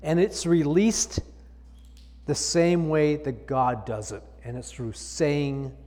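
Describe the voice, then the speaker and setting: A man's voice: a little high, takes it slowly, warm tone, in a large hall. A male pastor preaching a sermon, reading scripture aloud and explaining it with emphatic repetition.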